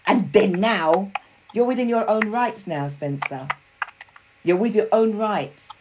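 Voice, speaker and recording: A woman's voice: on the low side, noisy background. A woman hosting an interview in a chatty, supportive way with many fillers. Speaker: podcast host. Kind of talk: casual interview chat.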